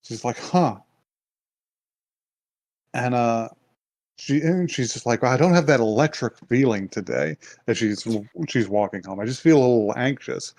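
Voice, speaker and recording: A man co-hosting a podcast, casually retelling an anime plot with lots of fillers and quick put-on quotes of the characters. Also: mid-range voice, a little mellow. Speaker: podcast co-host. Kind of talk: casual chat recapping an anime.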